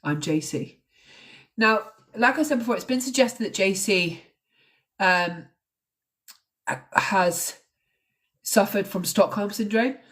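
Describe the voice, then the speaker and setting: A woman's voice: mid-range voice, takes it slowly, long pauses, fairly bright tone. A woman hosting a true crime show, recounting a case in a casual, earnest way with frequent ums. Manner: conversational, with frequent ums and likes. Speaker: true crime podcast host.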